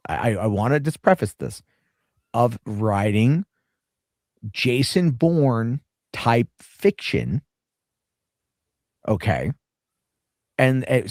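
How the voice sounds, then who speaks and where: A man's voice: mid-range voice, darkish tone, dry recording, clean studio sound. A man hosting a casual reaction show, talking in a profane, sarcastic, rambling way. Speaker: reaction streamer host.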